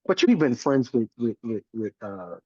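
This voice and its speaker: An American community educator in his forties speaks passionately as a podcast guest, his mid-range voice very animated, warm and breathy at a moderate pace. Emphatic and a bit preachy, he keeps tagging on "right?" The recording is dull, dry and lo-fi.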